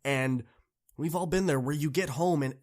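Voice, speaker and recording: A young man hosting a podcast, giving an earnest, encouraging motivational talk to students that swings from soft to impassioned. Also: on the high side, normal speed. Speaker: podcast host.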